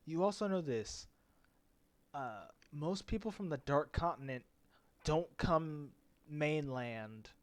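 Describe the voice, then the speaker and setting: Casual game master with a slightly high voice. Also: male voice. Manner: casual, hesitant, with many fillers. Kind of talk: narrating a tabletop game.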